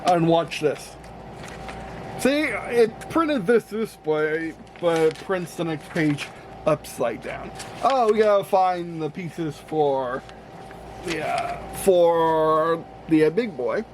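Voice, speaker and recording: A man's voice: on the high side, animated, takes it slowly. A man casually talking to himself while building with Lego, rambling and correcting himself often. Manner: rambling, self-correcting, talks to himself while sorting pieces. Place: room with an air conditioner running. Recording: noisy room with air conditioner hum.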